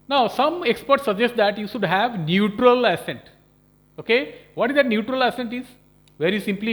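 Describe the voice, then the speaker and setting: A professor lectures in a high voice. He explains each point step by step and keeps checking in with his listeners. He sounds like a man giving a recorded lesson. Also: a bit bright. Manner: explanatory, checks in with frequent "Okay?" and "you know". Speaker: professor lecturing on management skills.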